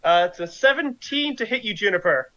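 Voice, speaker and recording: A man narrating and ruling a tabletop game, his voice high and bright. He talks slowly and easily and fills pauses with ums, on dull, lo-fi audio. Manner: relaxed, chatty rules calls with frequent fillers. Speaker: game master. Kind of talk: running a tabletop game over voice chat.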